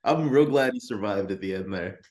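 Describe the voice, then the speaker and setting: A man with a lowish voice co-hosting a laid-back movie review. He gushes about what he liked in loose slang, calling people "man" and "dude.". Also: animated, a little fast, a little mellow. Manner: enthusiastic, slangy, says "man" and "dude" a lot. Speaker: podcast co-host. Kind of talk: casual film review chat.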